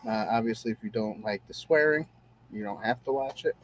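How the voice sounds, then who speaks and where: A man's voice: on the low side, a little fast. A man hosting a casual show-review podcast, talking in an easygoing, rambling way with many fillers. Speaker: podcast host.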